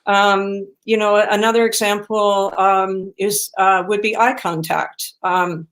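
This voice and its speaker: A woman's voice: medium pitch, steady tone, takes it slowly, fairly bright tone. A middle-aged woman dog trainer talking casually, with many ums and you-knows, now and then acting out what her dogs might say. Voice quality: chatty, many fillers, acts out dog voices. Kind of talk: casual chat.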